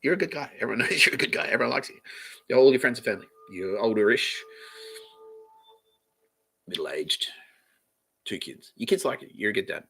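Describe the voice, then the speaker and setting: Australian man, podcast host, rambling comic monologue, swings his pitch up and down a lot, frequent laughs. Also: expressive, brisk, gravelly, pauses often, bright, forceful tone, breathy edge, poor audio. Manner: profane, laughs mid-sentence, restarts often.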